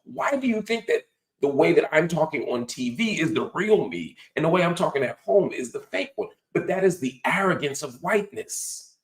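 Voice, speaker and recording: A man's voice: on the high side, lively intonation, normal speed, roomy sound. A man hosting a political commentary show, teaching in an emphatic, preacher-like cadence. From United States. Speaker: host.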